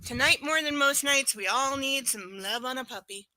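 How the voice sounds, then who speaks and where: A woman's voice: high voice, moderate pace, pushed and bright, no room sound, poor audio. A woman hosting a casual livestream from home. She coos baby talk at her dog and jokes sarcastically about the book she is reading. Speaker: livestream reader and host.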